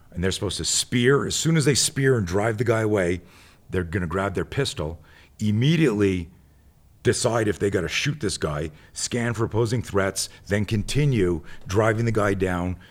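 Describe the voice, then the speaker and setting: A man with a very low voice talks casually as a tactical instructor. He rambles, drifts off on tangents and acts out the people in his stories. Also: normal speed. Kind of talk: casual storytelling.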